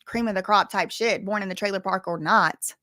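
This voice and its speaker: A woman YouTuber from bayou country talks to camera in her thirties, with a faint Southern accent. She is candid and emphatic and repeats words to drive a point home. Her voice sits at a middle pitch, recorded close and dry with no room echo. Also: brisk, sharp tone. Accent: Southern US, softened. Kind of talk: casual storytelling to camera.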